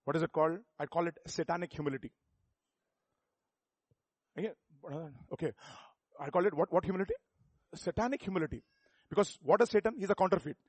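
A middle-aged pastor, preaching a sermon full of rhetorical questions that builds to emphatic peaks. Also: male voice, a little high, brisk, long pauses, husky, dry recording.

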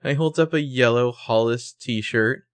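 A man co-hosting a podcast, retelling scenes with wry, animated asides in casual chat. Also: medium pitch, normal speed. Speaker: podcast co-host.

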